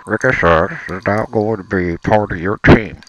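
A man doing an absurd improvised comedy bit, drawling deadpan and speaking right up against the mic. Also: on the low side, normal speed, poor audio. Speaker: comedy sketch performer. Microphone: very close to the mic.

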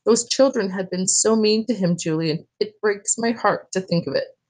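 A woman reading aloud from a novel, voicing a gentle, kindly elderly grandmother who speaks softly and tenderly. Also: medium pitch, normal speed, lightly acted, rough recording. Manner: soft, tender storytelling.

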